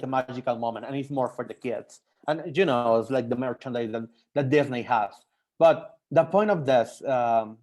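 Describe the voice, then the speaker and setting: A young Mexican man talks to language learners in English, his second language, with a Mexican accent. His delivery is halting, full of restarts and fillers as he searches for words. His voice sits at a middle pitch for a man. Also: darkish tone. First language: Spanish. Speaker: French teacher. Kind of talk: personal talk to language learners.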